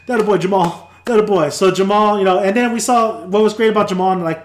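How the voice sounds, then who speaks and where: A man hosting a casual TV review, retelling scenes in an animated way and acting out characters' lines. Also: on the high side, roomy sound. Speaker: TV review host. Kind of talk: casual spoken TV recap.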